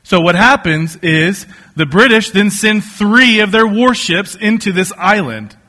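A male pastor with a bright, slightly high voice tells a sermon story with jokes. He talks loosely, full of ums and restarts. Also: animated, a little slow. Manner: joking, storytelling, many fillers and restarts.

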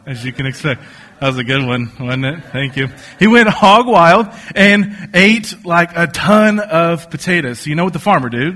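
A male pastor with a bright, slightly high voice tells a sermon story with jokes. He talks loosely, full of ums and restarts. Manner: joking, storytelling, many fillers and restarts.

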